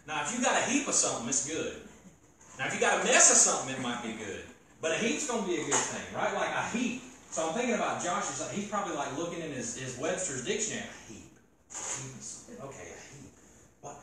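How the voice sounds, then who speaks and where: A man preaching a casual, joking sermon, talking with the crowd in an animated way. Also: fairly high pitch, fast, slight background noise. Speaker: youth preacher. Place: church gathering hall. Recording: echoey hall from far off.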